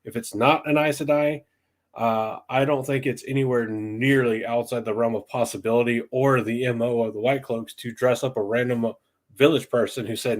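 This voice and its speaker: A man's voice: medium pitch, fairly even intonation, normal speed. A young man from the southeastern United States chatting casually on a livestream podcast, thinking aloud with lots of ums and restarts. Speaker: podcast host.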